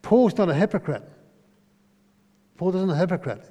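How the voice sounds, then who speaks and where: A man's voice: sits high, expressive, moderate pace, dark tone. A man giving a conversational sermon, often asking listeners questions and tagging lines with "eh?". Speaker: preacher. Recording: long hall reverb.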